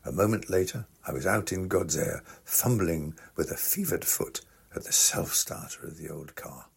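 A man narrates a comic novel in the first person, deep and very gravelly, with a husky, breathy grain. His delivery is dry and wry, with lively rises and falls in pitch. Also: moderate pace. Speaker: reader. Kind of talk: comic literary reading.

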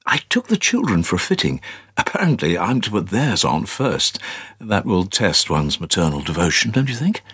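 A man reading an audiobook, voicing a glamorous, breezy young wife with a light, breathy, playful delivery. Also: low-pitched, sing-song, moderate pace, fairly bright tone, no echo, clean studio sound, full character voice. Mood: teasing.

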